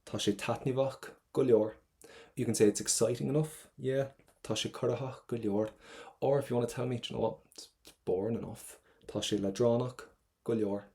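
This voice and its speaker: A man's voice: lowish voice, warm tone. A man with an Irish accent teaching an exam-prep language lesson in an upbeat, chatty, encouraging way.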